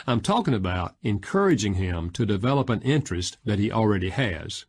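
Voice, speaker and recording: A man narrating an audiobook in a measured, expressive reading style. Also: fairly low pitch, slightly rough.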